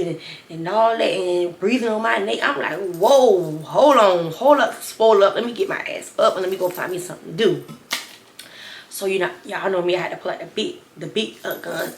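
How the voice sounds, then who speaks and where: A woman's voice: mid-range voice, a little hiss or hum. A woman vlogger chatting through a story time, rambling and talking straight to her viewers. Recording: roomy, echoey room.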